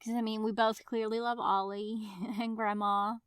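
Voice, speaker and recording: A woman co-hosting a book podcast in casual chat, telling things with animated enthusiasm. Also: on the high side, normal speed, clean tone, no room sound, studio quality. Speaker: podcast co-host.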